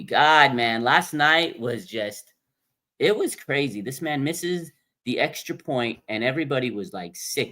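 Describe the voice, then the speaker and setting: A man hosting a live fan show speaks in a middle-pitched voice. His delivery is blunt and animated, and he moves quickly from reading viewer comments aloud to reacting to them. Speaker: livestream host.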